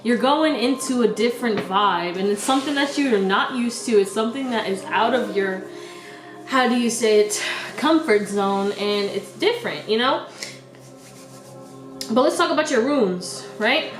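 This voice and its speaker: A woman's voice: fairly high pitch, expressive, moderate pace, roomy sound, faint music behind, rough recording. A young woman giving a casual tarot reading, laughing often and talking in a scattered, slangy way. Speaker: tarot reader.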